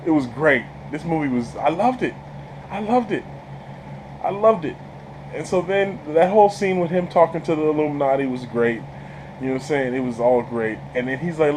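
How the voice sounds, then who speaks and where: A man rambles through a film review with a fairly high voice, full of slang and quick laughs. He trips over repeated words as his excitement builds. A faint air-conditioning hum sits underneath. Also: poor audio. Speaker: channel host reviewing a film. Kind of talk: casual spoiler movie review.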